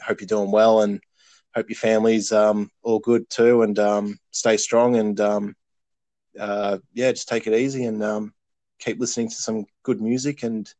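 A man's voice: lowish voice, level tone, a little slow, darkish tone, no room sound. A man, a podcast guest on a remote call, talking casually with many ums and restarts. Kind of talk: casual chat and joke telling.

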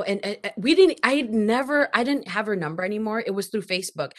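A woman guest on a podcast, telling a personal story in an animated, emphatic way. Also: mid-range voice. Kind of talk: casual storytelling interview.

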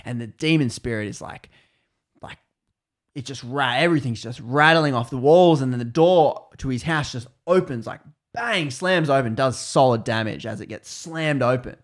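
A man tells a story in a loose, chatty way. He is animated and full of fillers, and he acts out the characters' lines. His voice sits at a middle pitch. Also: normal speed. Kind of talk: casual storytelling.

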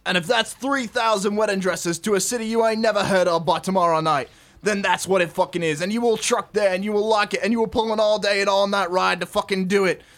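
A man's voice: high voice, voice pushed up. Man putting on a brash Aussie crab narrator. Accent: put-on Australian. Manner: loud, strained, swaggering delivery. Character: gruff profane Australian rulebook narrator, man. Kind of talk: comedic dramatic reading of game rules.

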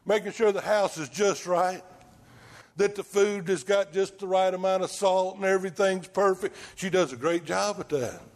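High-voiced preacher guy, folksy, goes loud then real quiet. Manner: animated, swings from shouting to near-whisper, folksy. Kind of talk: sermon.

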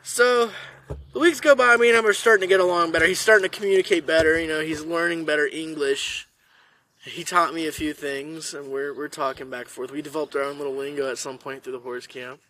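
A young man hosting a podcast, telling a story in an animated, profane way. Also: fairly high pitch, a little fast, slight background noise. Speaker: podcast host. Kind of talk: casual storytelling.

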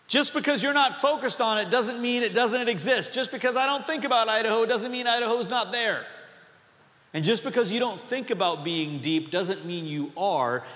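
A man pastor from North Dakota preaches with a light, high voice and an easy, chatty delivery, tossing joking asides to his congregation. His sermon rings out with a long reverb through the church hall. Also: fairly bright tone. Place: church sanctuary.

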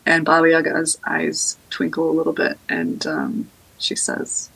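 Podcast guest, woman, loose spoken storytelling full of fillers; lower voice. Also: measured pace, gravelly, slightly rough, dry recording, low-quality recording. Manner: relaxed, frequent ums and likes. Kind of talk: casual oral storytelling.

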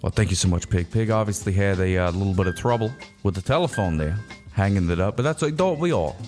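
Silly guy hosting a comedy radio bit, bouncy animated voice, rambling. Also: deep voice, fast, soft background music. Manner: goofy, rambling, mock-serious. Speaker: host. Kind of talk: comedic radio show monologue.

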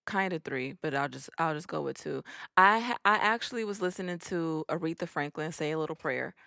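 A woman co-hosting a podcast in casual chat, chiming in with quick remarks and frequent laughter. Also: sits low, creaky, sharp tone, no room sound, clean studio sound. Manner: laughs often, quick short interjections. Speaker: podcast co-host.

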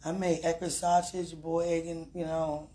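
A woman's voice: low voice, level tone, normal speed, warm tone. A woman talking casually and praying aloud, repeating phrases and laughing often. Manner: chatty, repeats phrases, laughs often, mixes talk with prayer. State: heartburn, hungry. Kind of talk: casual spoken monologue and prayer.

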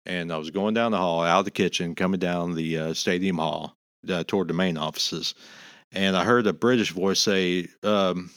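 Deep-voiced man rattling off facts. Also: fairly even intonation, moderate pace, a bit bright, clear, resonant tone, no room sound, studio quality. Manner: jokey storytelling, rattling off lists. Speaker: podcast co-host. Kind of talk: casual chat.

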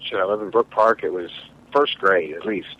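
Brief: lower-voiced Midwestern guy, hesitant, dull lo-fi recording. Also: slight background noise. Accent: Midwestern American. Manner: halting, hesitant, full of restarts. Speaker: podcast co-host. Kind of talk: casual storytelling among friends. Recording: dull lo-fi sound.

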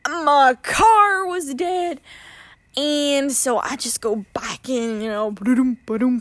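A woman telling a personal story in a casual, animated way, often dramatizing her panic and laughing at herself. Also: a little high, no echo.

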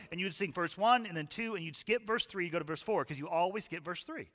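Guy preaching in a church hall, bright voice, kinda high, lots of reverb, chatty and asks the crowd stuff. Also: fast, few pauses. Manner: conversational, asks the audience questions. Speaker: pastor. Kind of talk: sermon. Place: church hall with live audience.

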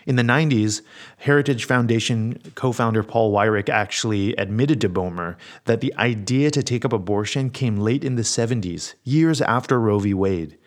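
A man with a lowish voice talks alone on his podcast in a casual, rambling way. He is a pastor, and his delivery is sarcastic and full of swearing and loose asides. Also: normal speed. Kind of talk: casual solo podcast monologue.

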